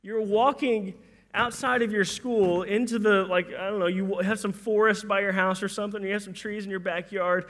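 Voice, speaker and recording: Guy preaching w a high voice, chatty, does little voices for quotes, repeats words a lot. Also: normal speed. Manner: conversational, animated, acts out quoted voices, repeats words when starting sentences. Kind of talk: sermon.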